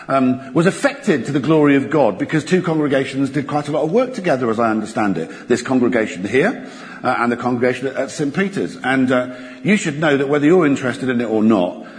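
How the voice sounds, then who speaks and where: A man preaching a sermon in a church, expressive and animated, slowing down dramatically for emphasis. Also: medium pitch. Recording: church hall reverb.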